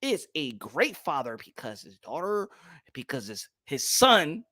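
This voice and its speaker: A young man hosting a boxing talk show and ranting loudly, repeating himself, with sudden swings from shouting to low muttering. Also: very animated, a little slow. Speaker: boxing commentary host. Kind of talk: animated opinion rant.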